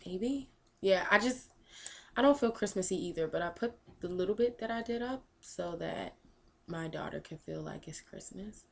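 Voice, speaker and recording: A young woman answering viewer questions in a casual, rambling vlog. She thinks out loud and fills her pauses with ums. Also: mid-range voice, animated, vocal fry. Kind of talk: casual chat.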